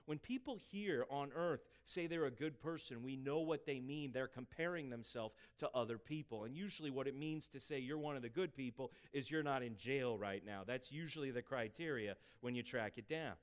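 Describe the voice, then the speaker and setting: A man preaching a sermon as pastor, emphatic and rising for scripture, dropping quiet for asides. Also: mid-range voice, expressive, moderate pace, hardly any pauses. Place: church sanctuary.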